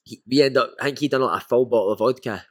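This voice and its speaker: A man with a Scottish accent, a former footballer and podcast guest, telling lively stories and calling the listener "mate". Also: mid-range voice, fast talker. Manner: animated anecdotes with frequent "mate". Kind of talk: casual storytelling.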